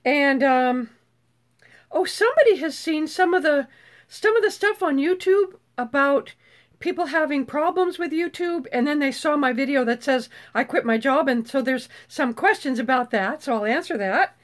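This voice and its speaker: Older woman, casual host chat, high voice, lively swooping pitch, cusses a lot, bubbly. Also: moderate pace. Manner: bubbly, swears freely, screeches when excited. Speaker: YouTube host.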